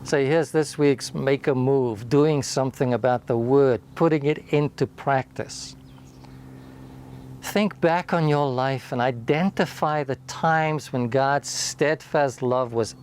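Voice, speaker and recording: A male pastor giving a short sermon with a deliberate, emphatic delivery that sinks quietly at key points. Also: a little high, slight background noise.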